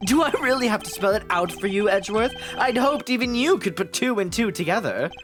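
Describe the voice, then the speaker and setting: A woman's voice: medium pitch, animated, fairly quick, over music, natural voice. Woman streamer voicing an arrogant young know-it-all, smug and sing-song. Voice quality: smug, mocking delivery.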